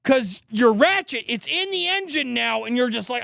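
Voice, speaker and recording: A man in his thirties tells rambling comic stories on a podcast, acting out his own grumbles with plenty of swearing. His voice sits high for a man and is recorded close and dry. He jumps between quick bursts and slower stretches. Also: expressive, creaky, a bit bright, no room sound. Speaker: podcast co-host. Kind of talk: casual comedic storytelling.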